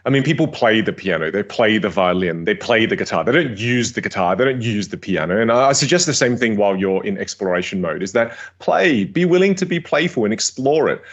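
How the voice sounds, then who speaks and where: A man coaching on communication in a podcast interview, energetic and emphatic, stressing points by repeating words. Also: fairly low pitch, brisk, few pauses, lo-fi sound.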